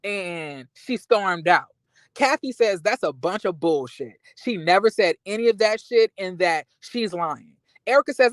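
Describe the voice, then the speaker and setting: A man giving casual recap commentary on reality TV, animated and outraged, ranting with lots of profanity and restarts. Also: high-pitched, normal speed, no echo, rough recording.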